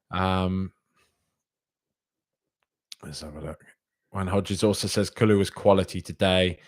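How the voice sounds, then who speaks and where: A man with a lowish voice hosts a casual fan podcast in the style of a live-stream chat, with no room sound audible. He reads listener comments aloud and rambles in reply, chatty with fans and repeating himself.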